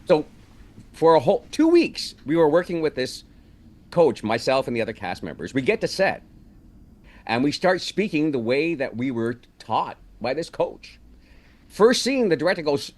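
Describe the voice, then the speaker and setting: Guest actor, male, from Canada; lively pitch, chatty storyteller. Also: moderate pace. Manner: storytelling, animated. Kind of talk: casual interview chat.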